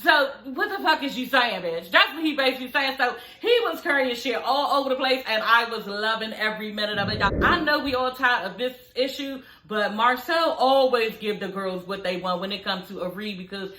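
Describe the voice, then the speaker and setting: Woman, reality TV recap vlogger, animated and profane, high voice, echoey room. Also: fairly quick, few pauses. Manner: animated, profane, talks straight to viewers. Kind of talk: casual episode recap commentary.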